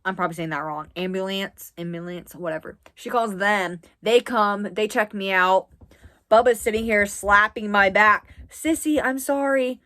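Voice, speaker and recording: A woman's voice: mid-range voice, moderate pace, pushed and bright. Woman, twenties, from the US East Coast: a chatty, rambling vlog storyteller who leans on "like" as filler. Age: 20s. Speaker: vlogger. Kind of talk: casual story time.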